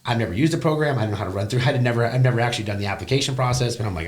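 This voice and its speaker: A young man, a business owner, rattles off his career story in a casual interview, blunt, profane and animated. He talks rapid-fire at a medium pitch.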